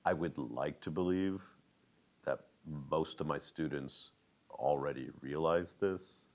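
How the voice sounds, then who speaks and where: A man's voice: very deep voice, slow, a little mellow. A male teacher answering interview questions thoughtfully, with wry, self-deprecating humor.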